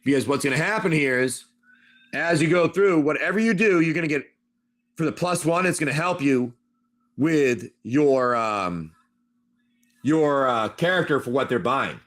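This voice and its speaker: A man's voice: on the high side, animated, normal speed, fairly bright tone. A man hosting a live stream who narrates a tabletop wasteland adventure as game master, rambling loosely and calling on his players by name.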